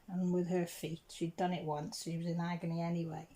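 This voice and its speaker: A middle-aged English woman telling a rambling home story while crafting, clearing her throat now and then. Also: fairly low pitch, little pitch movement, brisk, few pauses, dark tone. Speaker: crafting channel host.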